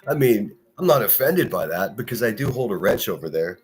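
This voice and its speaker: A man's voice: on the low side, very animated, fairly quick, faint music behind. A man hosting a solo live stream, ranting with heavy profanity and answering chat comments. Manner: profane, heated, combative. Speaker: live-stream podcast host.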